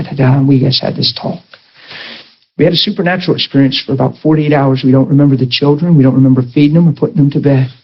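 A male pastor preaching a sermon, animated and emphatic, breaking into shouts, in a dull lo-fi recording. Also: fairly high pitch, slightly rough.

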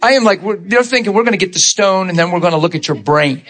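A man telling a personal story in an excitable, animated way, jumping into high exclamations. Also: fast, background noise. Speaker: storyteller giving a testimony.

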